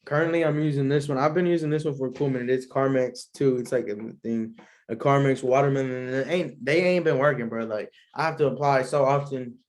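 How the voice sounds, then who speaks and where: A man's voice: mid-range voice, fairly even intonation, brisk. A young man, hosting a solo podcast in a laid-back, rambling way and laughing often. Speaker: podcast host. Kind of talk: casual solo podcast chat.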